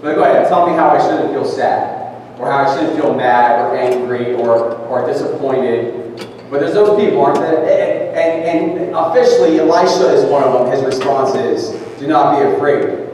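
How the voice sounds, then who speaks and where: A man preaching a conversational sermon, reading scripture slowly. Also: mid-range voice, darkish tone, slight background noise. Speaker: pastor. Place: large church sanctuary. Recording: echoey church hall from far off.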